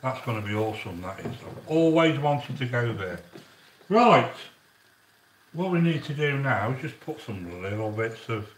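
Rambling home cook, lively up-and-down delivery, recorded off-mic. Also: male voice, mid-range voice, moderate pace, recorded from a distance, a little hiss or hum. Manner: chatty, rambling asides between instructions. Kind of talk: casual cooking demonstration. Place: home kitchen. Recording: roomy echo, voice from off-mic.

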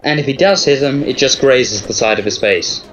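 A man's voice: mid-range voice, moderate pace, a bit bright. A man co-hosting a let's play, chatting casually and adding dry, wry asides. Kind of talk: casual gaming commentary. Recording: dull lo-fi mic, faint music.

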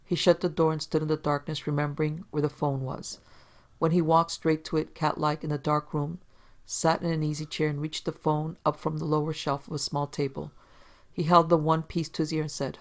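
A podcast narrator reading a 1940s crime story in an even, measured way. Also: medium pitch.

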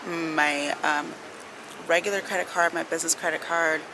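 Chatty gravelly-voiced young woman vlogging. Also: sits low, fairly even intonation, moderate pace. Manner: chatty, rambling, slangy. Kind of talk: casual chat to camera. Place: airport terminal. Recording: noisy public terminal. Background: airport announcements and bustle.

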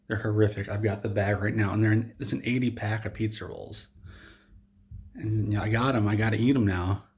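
Man, lowish voice, deadpan, rambling, restarting sentences, in-character comedy storytelling. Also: fairly quick. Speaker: comedy vlogger.

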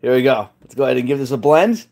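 This man's voice is medium in pitch with a somewhat dark tone, and he speaks fast and animatedly. Running a cooking challenge in his own kitchen for a live stream, he chats, cracks jokes, and pokes fun at himself.

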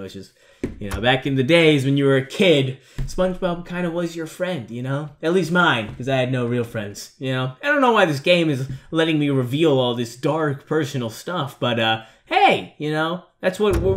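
A young man talks over a horror game in a loose, joking ramble. His voice sits a little high and swings widely in pitch. He bursts into nervous yelps when something startles him. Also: a bit bright, slight background noise. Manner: jokey rambling, nervous outbursts. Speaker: gaming YouTuber.

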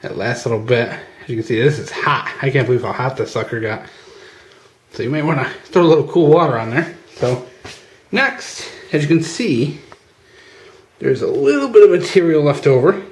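A man's voice: medium pitch, animated, normal speed. Casual chatty man in an echoey space. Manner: chatty, addresses viewers as guys, many fillers. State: out of breath at times. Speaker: channel host. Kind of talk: casual how-to demonstration. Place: outdoors at a workbench. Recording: echoey with faint ambient noise.

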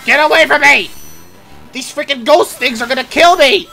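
A young man giving exasperated gameplay commentary and yelling at the game. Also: very high-pitched, moderate pace, faint music behind. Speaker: gaming channel host.

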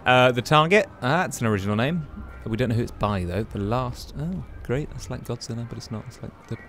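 Lively man narrating his gameplay. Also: medium pitch, fairly quick, slight background noise. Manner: chatty, exclaims and muses aloud while playing. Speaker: gaming YouTuber. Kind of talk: casual gameplay commentary.

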